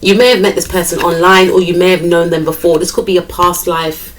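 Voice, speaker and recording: A woman's voice: lowish voice, little pitch movement, a little fast, recorded from a distance, a little hiss or hum, rough recording. A woman giving a chatty tarot card reading, thinking aloud and repeating her phrases. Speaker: tarot reader.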